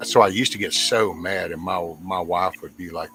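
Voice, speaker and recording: A middle-aged man with a very low voice tells a long story to a camera mic on a casual livestream panel. He rambles earnestly and often restarts his sentences. Music plays behind him. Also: steady tone, fairly quick, hardly any pauses, poor audio. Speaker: guest panelist.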